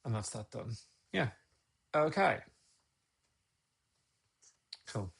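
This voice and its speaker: A man's voice: medium pitch, sing-song, drawn-out words, creaky, fairly bright tone, slightly rough. A man casually talking viewers through a photo edit on a live stream, rambling and thinking aloud as he works.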